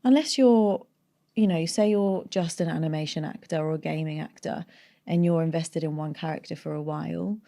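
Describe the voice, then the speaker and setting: This North London voiceover artist speaks at normal speed in a low, creaky voice with a dark tone. Her accent is neutral British with a light North London tinge, and as a guest in a casual interview she explains things at length, restarting as she goes.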